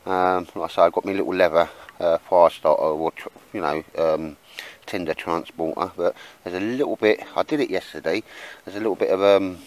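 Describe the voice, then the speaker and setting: Low bloke rambling on about camp kit out in the woods, lots of ums. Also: male voice, fairly even intonation, a little fast, hardly any pauses, low-quality recording. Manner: chatty, rambling, many fillers. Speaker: bushcraft vlogger. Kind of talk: casual outdoor vlog. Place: woods outdoors.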